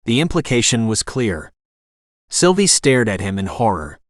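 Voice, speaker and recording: A man narrating an audiobook in a steady, even reading voice. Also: mid-range voice, normal speed, dry recording, studio quality. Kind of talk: scripted narration.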